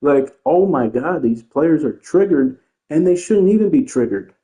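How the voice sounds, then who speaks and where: A man's voice: on the high side, animated, unhurried, mellow. A man ranting casually about online opponents as a gaming streamer, rambling, defensive and repeating himself. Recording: tinny phone-like sound in an echoey room.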